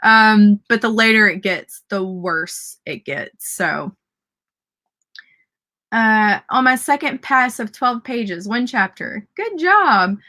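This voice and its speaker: Southern lady on a live stream, bright voice, bubbly, reading chat comments out loud. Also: on the high side, lively intonation, slow pace. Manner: bubbly and upbeat, cheering viewers on.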